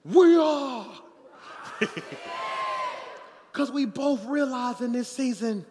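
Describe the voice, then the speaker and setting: A pastor preaching a sermon in a church, animated, calling out to the congregation and joking with them. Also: male voice, extremely high pitch, takes it slowly, long pauses. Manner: animated preaching with crowd call-outs and jokes. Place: church sanctuary. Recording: long church hall reverb.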